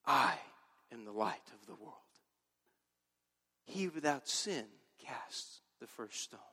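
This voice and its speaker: A man putting on a soft, whispering voice for a gentle, saintly Jesus. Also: mid-range voice, animated, slow pace, in a large hall, pitched below the performer's own voice, exaggerated voice. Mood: serene. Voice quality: hushed whisper.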